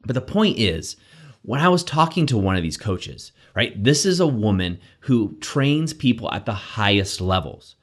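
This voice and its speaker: A man hosting a daily self-help show, giving an energetic, conversational motivational talk with frequent "right?" asides. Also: on the low side, normal speed. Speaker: coach and show host.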